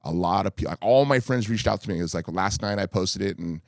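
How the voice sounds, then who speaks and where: A man's voice: low voice, fast talker, vocal fry, dry recording, studio quality. A man in his fifties from California, a guest in a podcast interview, telling his stories earnestly and rambling with many fillers. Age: 50s. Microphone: studio microphone.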